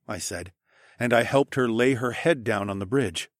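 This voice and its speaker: A man narrating a first-person fantasy audiobook in an expressive way, hushing for dialogue tags. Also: mid-range voice, normal speed, dry recording, clean studio sound. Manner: expressive, drops to a hush for tags.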